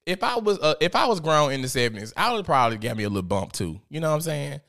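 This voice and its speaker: A man's voice: on the high side, sing-song, fast talker, vocal fry, a bit bright. A man giving casual, profane, gossipy commentary as host, often laughing.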